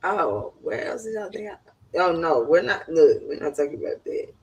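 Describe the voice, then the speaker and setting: A woman's voice: fairly low pitch, expressive, normal speed, a little mellow, breathy edge, low-quality recording. A woman hosting a podcast in casual chat, talking in a chatty, dramatic way. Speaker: podcast host.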